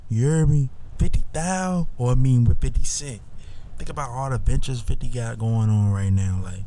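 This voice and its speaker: A man's voice: mid-range voice, normal speed, mellow, a little hiss or hum. A man hosting a podcast, talking in a loose, rambling way and leaning on "listen" and "you know what I'm saying". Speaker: podcast host. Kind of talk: casual podcast commentary.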